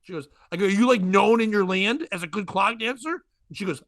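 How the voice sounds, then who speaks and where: Bright-voiced man telling animated stories. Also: sits high, brisk, creaky, hardly any pauses, no echo. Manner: animated storytelling, acts out voices, laughs often. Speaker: podcast host and comedian. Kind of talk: casual comedy podcast chat.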